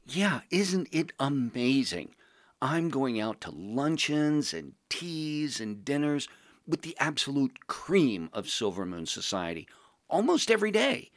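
A man playing a pompous, social-climbing young male journalist with affected, genteel high-society phrasing. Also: sing-song, a little slow, dry recording, clean studio sound. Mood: airy, pleased. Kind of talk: podcast role-play.

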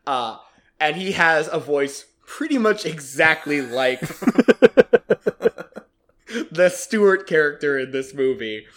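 A man with a slightly high voice hosts a casual movie podcast, joking and laughing between his points. He talks in an easy, chatty way while he hands out scores. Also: slow, long pauses. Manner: laughs often, jokey and animated. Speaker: podcast host scoring predictions. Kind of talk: casual movie-review chat.

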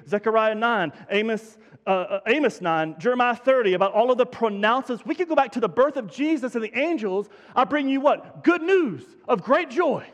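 Man, pastor, high voice, conversational sermon, emphatic repetition, long hall reverb.

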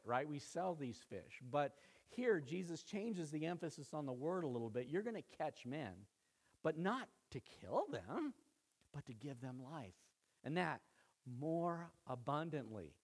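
A man preaching a sermon in a conversational way, often checking in with his listeners. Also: a little high. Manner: conversational preaching, frequent "right?" check-ins. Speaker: pastor.

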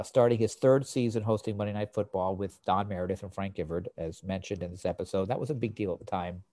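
A man co-hosting a podcast, recapping an old sitcom episode with a relaxed, explanatory manner. His voice sits fairly low, and the recording is dry and close. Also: no room sound. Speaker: podcast co-host. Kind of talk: casual chat, recapping an episode.

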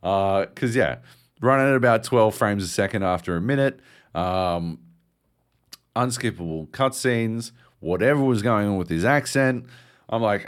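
A man's voice: fairly low pitch, normal speed. A man co-hosting a video game podcast, chatting casually and telling stories with plenty of swearing. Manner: profane, animated storytelling. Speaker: podcast co-host. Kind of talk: casual chat about video games.

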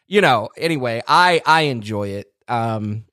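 A man's voice: medium pitch, animated, measured pace, sharp tone, no room sound, studio quality. A man hosting a casual podcast chat, teasing his co-host in an easygoing way and laughing along.

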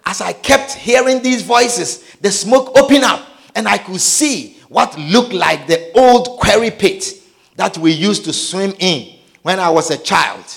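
A man telling a dramatic personal testimony, his delivery swinging between hushed and shouted. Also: high voice, measured pace, creaky.

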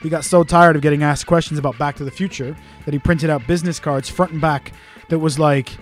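A man whose voice sits on the high side, with fairly even intonation, co-hosts a casual podcast against faint music. His storytelling is fast and full of swearing, with quotes acted out.

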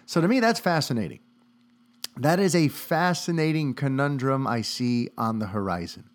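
A man hosting a podcast, talking casually and animatedly on his own, with many fillers. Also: fairly high pitch. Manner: animated, talkative, many "you know" fillers. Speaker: podcast host. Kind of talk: casual solo commentary.

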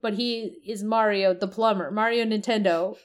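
A woman's voice: mid-range voice, fairly even intonation, moderate pace. A woman in casual conversation, describing game characters at length, often searching for words and swearing now and then. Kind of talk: casual chat about a video game.

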